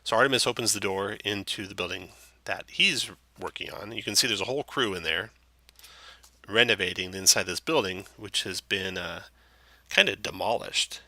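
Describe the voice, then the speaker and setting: A man running a tabletop fantasy game, narrating scenes in a relaxed, meandering way with plenty of fillers. His voice is low and gravelly, with a bright edge. The sound is dry and close to the mic. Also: normal speed, no room sound. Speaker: dungeon master.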